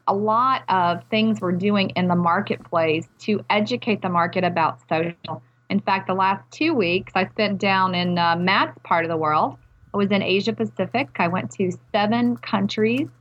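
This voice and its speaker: A woman's voice: medium pitch, a bit bright, lo-fi sound. A woman executive being interviewed on a podcast, upbeat and fluent in a corporate speaking manner. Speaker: technology executive guest.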